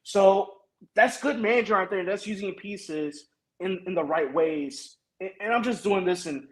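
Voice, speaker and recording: A man's voice: high voice, unhurried, rough recording. A man on a sports podcast, breaking down managing decisions analytically with hesitant fillers. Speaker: podcast co-host. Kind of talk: casual sports chat.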